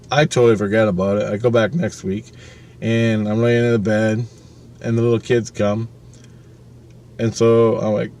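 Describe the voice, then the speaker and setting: A man's voice: mid-range voice, a little mellow. A man casually telling a personal spirit story, rambling and swearing, often checking in with the listener with "right?". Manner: rambling, profane, with frequent "right?" asides. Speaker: vlogger.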